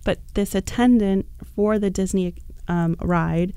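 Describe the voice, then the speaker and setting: Chatty woman on a podcast, mellow low voice, lots of "like" and "um", dry sound. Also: a little slow, clean tone, no room sound. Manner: animated, chatty, full of fillers. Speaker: podcast guest. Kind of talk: casual podcast storytelling.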